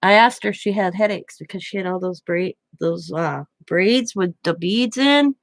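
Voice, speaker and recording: A woman's voice: medium pitch, moderate pace, vocal fry, no room sound. An older woman, a grandmother, chatting at home and rambling through a story with lots of self-corrections. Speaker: craft vlogger. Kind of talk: casual storytelling.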